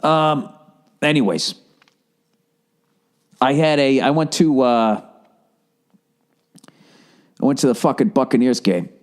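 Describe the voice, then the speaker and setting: A man's voice: medium pitch, lively intonation, slow pace, long pauses. A man hosting a solo podcast, ranting in a profane, fired-up way with sarcastic asides, from the Boston area. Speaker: podcast host.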